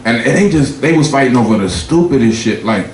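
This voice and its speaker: A man doing a profane stand-up set, telling loose stories and jumping high in pitch for his punchlines. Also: lively intonation, fairly quick. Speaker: stand-up comedian. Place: comedy club stage before a laughing audience. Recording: echoey club room with crowd noise.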